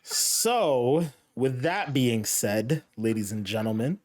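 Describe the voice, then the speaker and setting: A man hosts a gaming podcast in loose, casual chat. He rambles, restarts and leans on filler words. His voice sits in an average pitch range. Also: takes it slowly. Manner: relaxed, rambling, lots of fillers. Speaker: podcast host.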